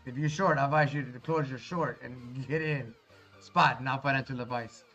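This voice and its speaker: Reading chat on his live stream, a man with a mid-range, somewhat bright voice talks at normal speed with fairly even intonation. He's relaxed and reassuring, addressing viewers as brother, over dull lo-fi audio with faint music.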